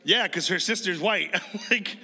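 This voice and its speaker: A man's voice: high voice, normal speed, vocal fry, bright, forceful tone, slightly rough. A man in his thirties from Chicago, preaching a conversational sermon and quizzing the congregation. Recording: long reverb of a large hall.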